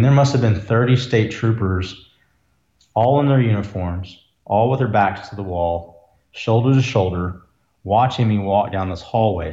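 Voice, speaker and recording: A man's voice: fairly low pitch, warm tone. A man, an ER doctor telling a story as a podcast guest, earnest and reflective. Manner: earnest, reflective, emotional at times. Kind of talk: conversational storytelling. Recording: roomy, dull lo-fi sound.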